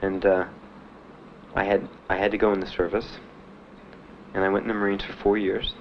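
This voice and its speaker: Older man, interviewee, halting and plain, fillers throughout; dull, slightly noisy archival audio. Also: sits low, flat delivery. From Miami. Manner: plain, halting storytelling with many "uh"s and "you know"s. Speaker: Vietnam veteran interviewee. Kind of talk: personal recollection in an interview.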